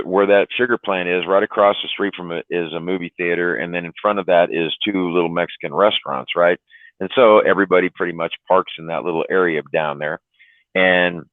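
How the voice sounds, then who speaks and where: A man's voice: low voice, dry recording. A man telling trucking stories in a rambling, profane way, with lots of "you know" and "right?". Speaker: trucker on a livestream chat. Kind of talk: casual storytelling. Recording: dry tinny phone-like line.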